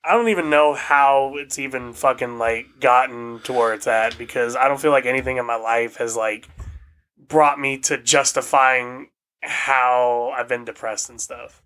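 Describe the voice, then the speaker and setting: A young man with a bright, tense voice talks hesitantly in casual chat. He sounds subdued and swears as he gropes for words. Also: medium pitch, fairly even intonation, measured pace.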